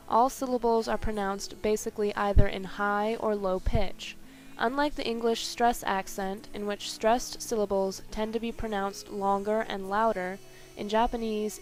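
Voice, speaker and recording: A woman reading a scripted language lesson carefully, slowing down to spell out each example. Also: mid-range voice. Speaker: language teacher.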